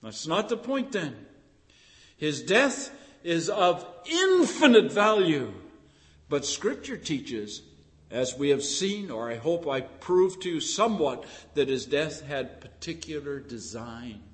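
A man preaching a sermon with fervent emphasis that builds to loud, emphatic peaks. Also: mid-range voice, sing-song, unhurried, long reverb tail.

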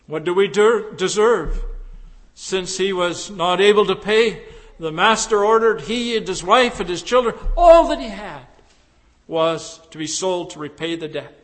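A man preaching a sermon, slow and deliberate, with emphatic rises into impassioned pleading. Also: sits high, animated, a bit bright. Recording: long reverb of a large hall.

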